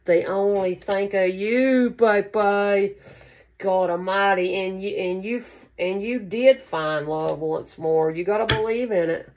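A woman's voice: medium pitch, slow, darkish tone. A woman giving a casual tarot reading to camera, chatty and affectionate, calling her listeners baby. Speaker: tarot card reader.

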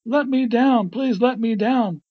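A cocky, whining cartoon rabbit full of complaints, done by a man reading a storybook. The voice sits a little high and husky, on a slightly dull, lo-fi recording. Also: sing-song, a little slow, heavily acted. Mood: panicked.

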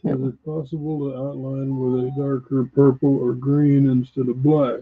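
Husky man helper reading out questions, flat delivery, phone-thin sound. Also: medium pitch, moderate pace, narrow, tinny audio. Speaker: assistant relaying viewer questions.

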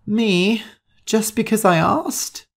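A man voicing a shy, nervous young woman photographer with a high-pitched voice in a storybook reading. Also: lively intonation, a little slow, a little mellow.

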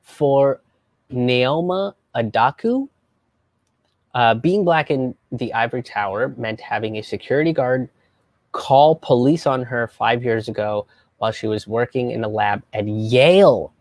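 A young man hosting a live stream as a comedian, talking in a casual, animated, profane way and slipping into mocking voices. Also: mid-range voice, measured pace, no echo. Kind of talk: casual livestream commentary.

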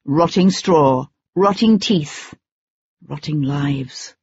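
An audiobook narrator reading in a measured, dramatic way, on a dull lo-fi recording. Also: mid-range voice, a little mellow, slightly rough, no echo.

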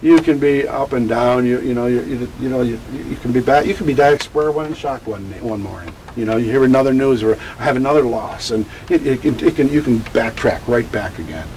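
Older man, grief educator, halting speech, many restarts, faint background noise. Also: mid-range voice, a little mellow, low-quality recording. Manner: halting, repeats words and restarts often. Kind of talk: candid personal storytelling in an interview.

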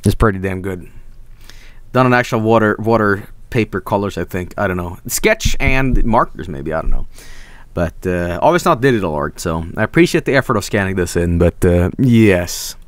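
Rambling man with a lively voice. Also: on the low side, normal speed, no room sound. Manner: rambling, swears freely, breaks into silly voices. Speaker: streamer. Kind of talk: casual stream chat reading fan art.

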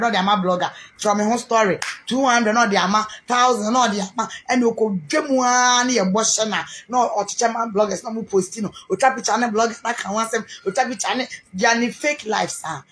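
A Ghanaian businesswoman speaking with a Ghanaian accent in a heated, animated rant to camera, repeating herself for emphasis. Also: fairly high pitch, a little hiss or hum. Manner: animated, repetitive, mixes Twi and English.

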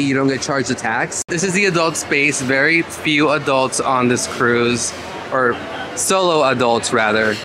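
A man's voice: fairly high pitch, noisy background. A man chatting casually while filming a travel vlog on a cruise ship, upbeat and playful. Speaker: vlogger. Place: cruise ship cabin and decks.

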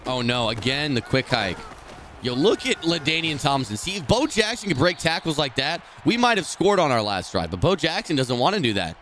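A man streaming a football video game, talking through each play and often swearing and yelling at the game in frustration. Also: fairly high pitch, sing-song, a little fast, slight background noise. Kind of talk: live gameplay commentary.

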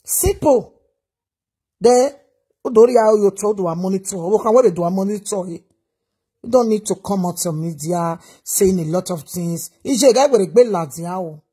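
A woman's voice: medium pitch, moderate pace, mellow, husky. A Nigerian woman giving a reaction vlog, lecturing in a preachy way and repeating her advice over and over. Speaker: commentator.

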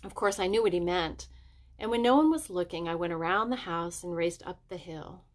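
A woman reading a children's chapter book aloud, raising her pitch for the children's dialogue. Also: fairly quick. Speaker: audiobook reader. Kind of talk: storybook narration.

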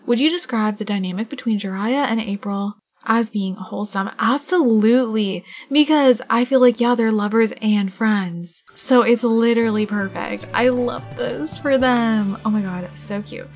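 A woman's voice: on the high side, unhurried, darkish tone. A young woman casually commenting on her life-sim game, chatty and gushing, full of "like" and "oh my god". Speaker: gaming channel host. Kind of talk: casual let's play commentary.

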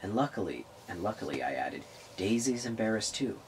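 A man's voice: low-pitched, animated, normal speed, hardly any pauses, slight background noise, rough recording. A man reading a novel aloud, stumbling over words and restarting lines. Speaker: reader of a novel on a public access show.

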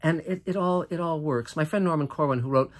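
A man's voice: on the high side, fairly quick. An older American man delivering an earnest, impassioned political monologue, often restarting and stretching out key phrases for emphasis. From United States. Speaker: host.

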